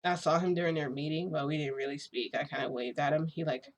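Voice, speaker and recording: A woman's voice: low-pitched, fairly even intonation, fast talker, a little hiss or hum. A woman telling a rambling story to her viewers in a casual vlog, full of "like" and small laughs. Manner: rambling, filler-heavy, frequent "like"; laughs between phrases. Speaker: vlogger.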